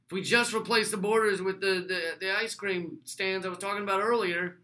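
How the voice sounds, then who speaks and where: A man hosting a casual show, answering viewer questions in a wry, sarcastic way with quick restarts and asides. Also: high voice, fairly even intonation, bright, forceful tone. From United States. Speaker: host.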